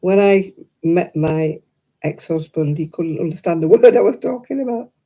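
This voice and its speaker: Chatty older Oldham woman, dark-toned. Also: fairly low pitch, lively intonation, normal speed. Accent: Oldham, Lancashire. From Oldham, England. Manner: chatty, opinionated, laughs often. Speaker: crochet livestream host. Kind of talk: casual chat with live viewers. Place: home, crafting at a table.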